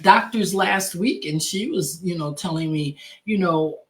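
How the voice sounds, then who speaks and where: A woman hosting a podcast about grief, speaking in a heartfelt, emotional way, often repeating words and pausing with fillers. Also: lowish voice. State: grieving, emotional. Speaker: podcast host. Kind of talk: personal talk on grief.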